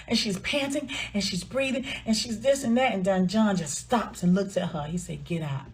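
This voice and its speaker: Woman telling a steamy story. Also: medium pitch. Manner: dramatic, drawn-out retelling with quoted dialogue, dropping to a murmur for characters. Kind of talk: casual storytime narration.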